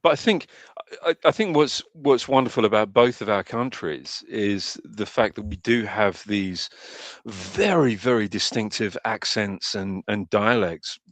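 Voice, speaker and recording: A man's voice: on the low side, unhurried, no room sound. A man with a British accent chatting casually, emphatic and full of fillers. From Britain. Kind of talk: casual chat.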